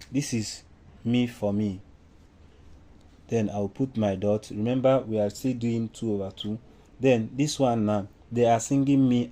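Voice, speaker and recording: A man with a Nigerian English accent gives an informal music lesson, explaining things step by step and singing solfa syllables as examples. His voice is mid-range with a dark tone.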